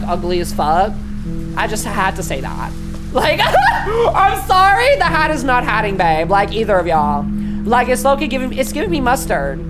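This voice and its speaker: Sassy young woman streamer, lively swoops. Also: fairly high pitch. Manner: sassy, slangy and profane, swings from mumbling to shrieking. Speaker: streamer playing a horror game. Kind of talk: casual live-stream commentary, reading game dialogue aloud.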